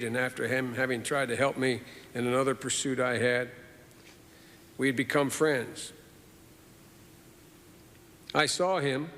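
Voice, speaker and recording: Older guy giving a eulogy, measured and earnest, echoey big hall. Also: medium pitch, a bit bright. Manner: measured, earnest, with repeated phrases. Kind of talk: formal eulogy. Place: large hall at a funeral service. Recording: reverberant hall.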